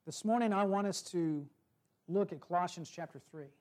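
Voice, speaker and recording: In a sermon that mixes storytelling with scripture reading, a man with a high voice keeps a slow, measured pace. The ends of his phrases drop off gently.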